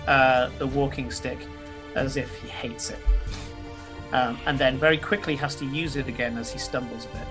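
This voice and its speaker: A man's voice: mid-range voice, steady tone, moderate pace, music in the background. A man narrating a tabletop role-playing game as game master, descriptive and full of fillers.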